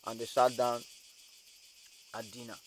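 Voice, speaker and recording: A man's voice: medium pitch, completely flat delivery, unhurried, poor audio. A man telling a moral story in a rambling way, with frequent restarts and repeated words.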